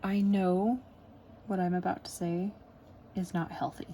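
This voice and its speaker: A woman's voice: on the low side, level tone, measured pace, warm tone, a little hiss or hum, low-quality recording. A woman in a casual, rambling chat while she works on a diamond painting at home, with lots of fillers and small laughs. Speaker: crafting vlogger.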